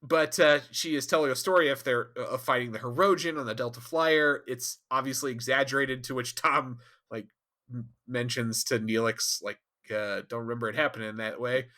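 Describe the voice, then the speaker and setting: A man co-hosting a podcast in casual chat, animated and profane, laughing often. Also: medium pitch, normal speed. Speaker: podcast co-host.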